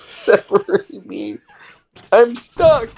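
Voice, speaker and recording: A man voicing a small male dog that is stuck and pleading for help, in a slow, whiny tone. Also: extremely high pitch, vocal fry, slightly rough, pitched above the performer's own voice, exaggerated voice.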